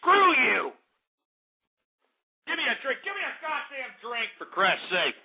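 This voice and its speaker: A man's voice: very high voice, very animated, fairly quick, slightly rough. A man hosting a call-in radio show, ranting angrily and swearing at callers. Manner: angry, profane, heckles callers. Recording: tinny phone-like radio audio.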